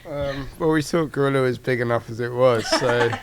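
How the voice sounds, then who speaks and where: Band member: laid-back man, hesitant, mid pitch, a little background noise. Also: fairly quick. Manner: hesitant, relaxed, lots of likes. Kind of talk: casual interview chat.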